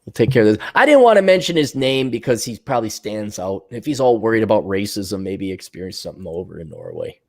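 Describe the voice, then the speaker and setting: Blunt, profane American man, lively pitch. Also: fast talker, gravelly, hardly any pauses. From United States. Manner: blunt, profane, sarcastic, mocks others in mimicking voices. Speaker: podcast host answering viewer questions. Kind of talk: livestream rant.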